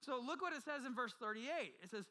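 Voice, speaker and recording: A male pastor preaching a sermon with passion, swinging from loud urgency to hushed intensity and often restarting his phrases. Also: extremely high pitch, expressive, a little fast, low-quality recording. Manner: frequent repeated restarts. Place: church.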